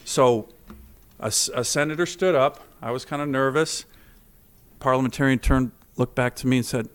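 A man's voice: mid-range voice, normal speed, clean tone. A middle-aged man, a senator, giving a formal speech to a legislative chamber, telling anecdotes with self-deprecating jokes.

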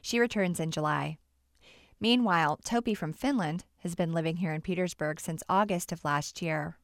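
A woman's voice: fairly low pitch, normal speed, no echo, studio quality. A woman radio interviewer who reads scripted narration and asks plain, curious questions.

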